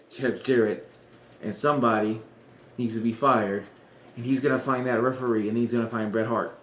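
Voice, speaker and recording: A man talks through wrestling bookings in casual, rambling chat, often stopping to correct himself. His pitch sits in the middle. A roomy echo surrounds the voice. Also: brisk. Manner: rambling, self-correcting, chuckling asides. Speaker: wrestling podcaster.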